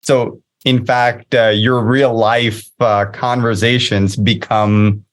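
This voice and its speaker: A man's voice: mid-range voice, flat delivery, slow pace. A man hosting an interview, curious and inquisitive as he asks questions. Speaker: interviewer, host. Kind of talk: casual interview talk.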